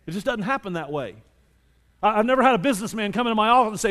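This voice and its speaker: A male pastor preaching a sermon with animated delivery, moving between loud emphasis and quiet scripture reading. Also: high-pitched, racing, long reverb tail.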